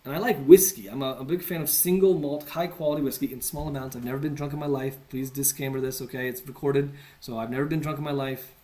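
A man's voice: medium pitch, steady tone, quick pace, few pauses, warm tone. A man from the United States giving a conversational teaching talk, earnest with self-deprecating asides. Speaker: teacher on evangelism.

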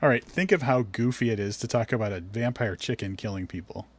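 A man's voice: fairly low pitch, fairly quick, breathy edge. A man hosting a casual podcast quiz, teasing his co-host, giving hints and reading tweets aloud.

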